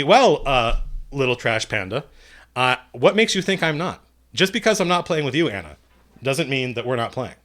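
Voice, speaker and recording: A man talking at his desk mic during a live stream, midrange in pitch and easygoing. He reads chat questions aloud and rambles through his answers. He jokes about himself as he goes. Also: very animated, moderate pace, fairly bright tone. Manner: self-deprecating, jokey.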